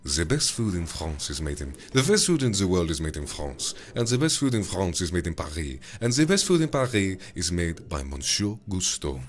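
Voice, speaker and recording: A man's voice: low voice, sing-song, moderate pace, few pauses. A man quoting a proud, jolly male French chef in a grand, proclaiming manner.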